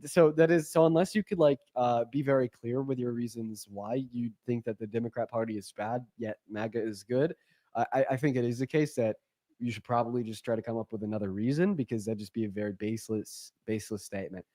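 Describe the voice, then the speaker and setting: A young man hosts a live-stream debate, speaking quickly and bluntly, peppering his talk with fillers. His voice sits at an ordinary middle pitch. The sound is dry and close to the mic, with no room around it. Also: warm tone, no room sound. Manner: fast, filler-heavy, blunt.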